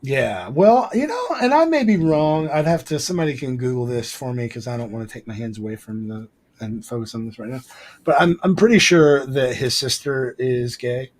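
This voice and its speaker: A man co-hosting a podcast in loose, casual chat, his voice sitting at an ordinary middle pitch. He rambles, circling back with ums, uhs and restarts. He is heard over a remote call mic. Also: fairly quick. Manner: rambling, lots of fillers and restarts. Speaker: podcast co-host.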